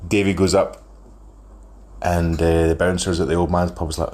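Man, thirties, very low voice, rambling anecdote, chuckles, phone voice note. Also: flat delivery, moderate pace, long pauses, darkish tone. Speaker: caller sending a voice note. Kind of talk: casual storytelling.

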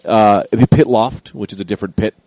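A comedian telling a story in casual chat, acting out the people in it with loud, lively quotes. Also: male voice, lowish voice, fairly quick, no room sound. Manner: animated, acts out quotes loudly.

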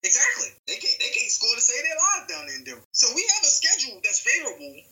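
A man co-hosting a casual sports talk show, ranting with heavy profanity and animated energy. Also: very high voice, fast, gravelly, over a noisy crowd, low-quality recording. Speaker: podcast co-host.

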